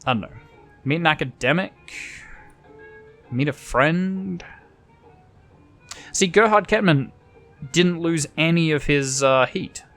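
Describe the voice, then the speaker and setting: A man's voice: a little high, takes it slowly, long pauses, a bit bright, soft background music. A man playing a story game, reading its text aloud and adding casual, offhand comments. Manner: casual, offhand, muttering asides. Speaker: gamer.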